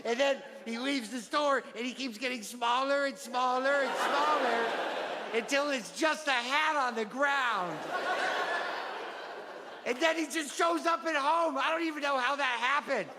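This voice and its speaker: Man putting on a high, earnest little kid reading a storybook. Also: unhurried. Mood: sing-song. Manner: sing-song, naive, earnest. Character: small child earnestly reading his favorite picture book. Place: comedy club stage. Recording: reverberant live club with crowd noise. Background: audience laughter.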